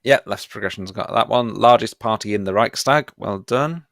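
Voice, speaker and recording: A man with a very low voice leads a live online revision quiz for students. He is playful and pokes fun at himself, and his voice sounds dry and close. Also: normal speed, creaky, a bit bright, no echo. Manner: playful and self-mocking, chuckles often. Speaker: history teacher.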